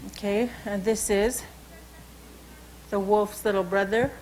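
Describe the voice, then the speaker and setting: A woman's voice: mid-range voice, fairly even intonation, takes it slowly, darkish tone, slight background noise, rough recording. A woman with a Salish accent, telling a traditional story and teaching animal names in a loose, informal way, often saying "you know" and "okay.". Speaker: cultural educator.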